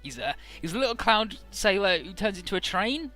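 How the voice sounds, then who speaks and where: A man's voice: high-pitched, big pitch swings, brisk, bright, forceful tone, soft background music. A man casually recapping a game's story in an offhand, profane, amused way, with frequent "uh"s.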